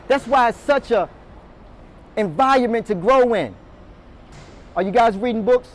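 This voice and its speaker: This motivational speaker has a very high voice, a moderate pace, and frequent pauses. Before a live audience of door-to-door salespeople in a meeting room, he energetically quizzes them and calls on individuals to respond.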